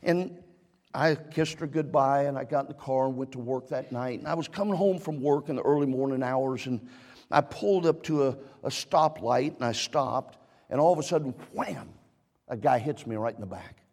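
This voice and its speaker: A man's voice: mid-range voice, moderate pace, a little mellow, long reverb tail. A middle-aged man preaching a sermon as a pastor, telling a personal story and then building into fervent preaching. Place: church sanctuary.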